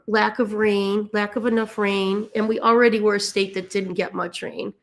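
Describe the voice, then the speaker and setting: Woman from the Los Angeles area, mid-pitched and gravelly, casual explainer, worn out, halting delivery. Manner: halting, stumbling over words, many fillers. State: emotionally tired. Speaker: dog rescue volunteer. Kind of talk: casual explainer while sharing a map on screen.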